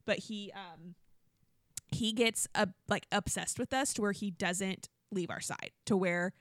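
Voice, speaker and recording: A woman co-hosting a podcast in casual chat, telling stories and acting out quotes in a high voice. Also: measured pace, no echo, studio quality. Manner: chatty storyteller, acts out quotes in a high voice. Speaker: podcast co-host.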